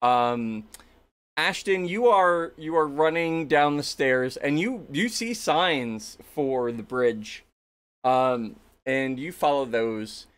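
Game master voice, casual halting narration, mid pitch, filler words. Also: a bit bright, smooth.

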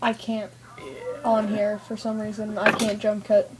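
A woman's voice: mid-range voice, completely flat delivery. A young woman hosting a casual home video challenge, chatty and giggly. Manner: giggly, quick back-and-forth. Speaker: YouTuber host. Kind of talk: casual chat. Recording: noisy home webcam recording.

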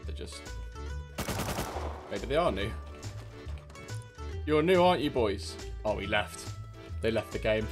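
A man's voice: fairly low pitch, animated, measured pace, long pauses, soft background music. A young man giving cheeky, swear-filled gameplay commentary and mocking other players. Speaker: gaming streamer.

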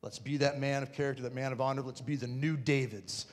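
A man giving a conference talk to an audience, telling a funny personal story in an animated, self-mocking way and acting out scenes. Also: mid-range voice, fast talker. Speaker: conference speaker. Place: large parish hall with an audience. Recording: reverberant hall.

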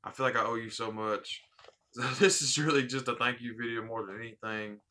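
Man, casual unboxing vlog, heartfelt, rambling, bright tone, middle pitch. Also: steady tone, fairly quick. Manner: heartfelt, rambling, repeats phrases. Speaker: vape channel host.

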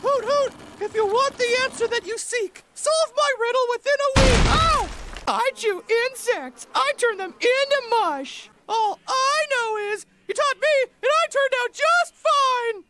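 Brief: clingy, hyper-cheerful cartoon house-owl creature, male, extremely high and shrill, slow and drawn out, hooting all the time. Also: noisy background. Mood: manic excitement. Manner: constant exclamations, punctuated by hooting. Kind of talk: animated cartoon voice acting. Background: loud cartoon score.

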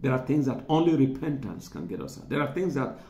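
A man preaching a sermon in a chatty, teaching way, driving points home by repeating words. His voice has a gravelly edge at a middle pitch. The sound is roomy and echoey. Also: big pitch swings, fairly quick, darkish tone, dull audio. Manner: conversational, repeats words for emphasis, chuckles.

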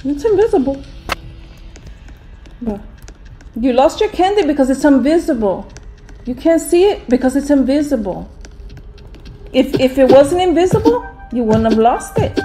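Older woman, high voice, grumbling sarcastically over her gameplay, faint music behind. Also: big pitch swings, moderate pace, long pauses, warm tone. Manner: grumpy, sarcastic ranting. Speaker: gaming channel host. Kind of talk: gaming commentary.

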